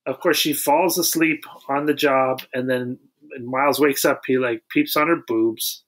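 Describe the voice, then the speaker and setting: A man co-hosting a podcast, recapping a film plot in casual chat with wry, deadpan quips. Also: mid-range voice, measured pace. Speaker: podcast co-host.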